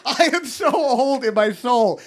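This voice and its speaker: High-voiced, gravelly man ranting on stage. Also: unhurried. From Kentucky, USA. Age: 30s. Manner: animated, sarcastic, swings between loud rants and mutters. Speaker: stand-up comedian. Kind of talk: stand-up comedy set. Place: comedy club stage. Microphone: handheld stage mic. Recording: live club recording with audience noise. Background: audience laughter.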